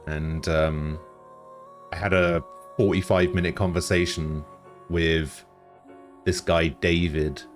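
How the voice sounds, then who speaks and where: A British man streaming live, chatting casually with dry, deadpan humor and some swearing as he answers chat. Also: low voice, takes it slowly, long pauses, soft background music.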